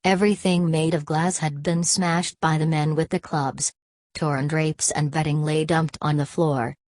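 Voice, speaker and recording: Woman reading an audiobook, low voice, steady, dry close sound. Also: measured pace, dry recording. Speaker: audiobook narrator. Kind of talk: scripted narration.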